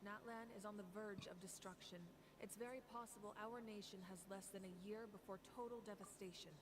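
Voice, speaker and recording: A woman voicing a video game character, brisk, serious and direct in scripted dialogue. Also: medium pitch, fairly even intonation, natural voice. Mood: grave. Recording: game audio with background noise.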